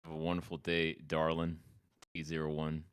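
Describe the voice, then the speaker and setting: A man's voice: a bass voice, completely flat delivery, moderate pace, clear, resonant tone, no echo. A man from Texas hosting a casual live chat, teasing callers in a dry, joking way.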